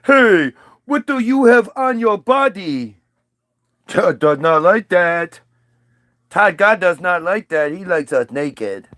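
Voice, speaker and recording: Simple-minded blunt first man played by a comedian, high, slow. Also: lively intonation, a bit bright, dry recording, clean studio sound, exaggerated voice. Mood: dim. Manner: blunt, dim. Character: horny simple-minded male Adam.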